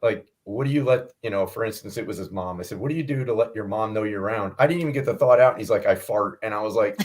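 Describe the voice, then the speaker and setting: A man's voice: fairly low pitch, quick pace. A man, a medium who is a guest, telling funny stories in casual chat and quoting the people in them. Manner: animated storyteller, quotes others.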